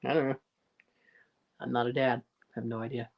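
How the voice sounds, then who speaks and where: A man's voice: mid-range voice, level tone, a little fast, gravelly, dull audio. Jokey Newfoundland man on a livestream. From Newfoundland, Canada. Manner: rambling and jokey, laughs often. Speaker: livestream host. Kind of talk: casual livestream chat, reading viewer comments aloud.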